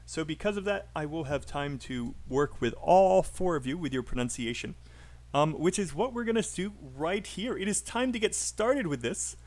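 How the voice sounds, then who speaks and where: A man teaching English pronunciation on a live stream, chatty and encouraging, calling out names from the chat. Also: on the high side.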